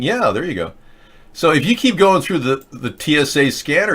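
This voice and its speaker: A male host holds forth on a political commentary show in a rambling, sarcastic manner, jumping from point to point. His voice sits at an ordinary mid pitch for a man. He keeps the talk loose and opinionated. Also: very animated, fairly quick, fairly bright tone.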